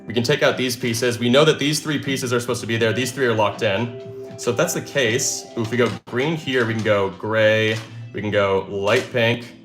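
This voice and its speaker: A man hosting a live stream chatters excitedly, thinking aloud through puzzles and cheering whenever he solves one. His mid-range voice is a bit bright, with fairly even intonation and normal speed, and soft music plays in the background.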